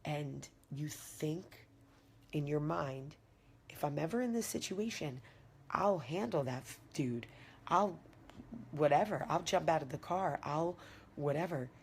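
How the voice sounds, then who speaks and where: A woman's voice: deep voice, lively intonation, a little slow, a little hiss or hum. A woman vlogger in her thirties telling a personal story to her viewers, acting out what each person said. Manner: dramatic retelling with acted-out quotes, direct address to viewers. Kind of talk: animated storytelling to camera.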